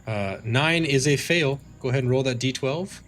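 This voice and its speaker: A man's voice: mid-range voice, moderate pace, a bit bright, soft background music. A man narrating as game master of a tabletop game stream, casual and rambling with fillers and restarts.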